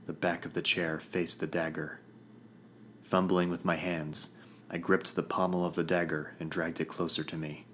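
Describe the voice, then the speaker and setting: A man narrating a fantasy story in the first person, with a measured, grave storytelling manner. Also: extremely low pitch, a bit bright, a little hiss or hum. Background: background music.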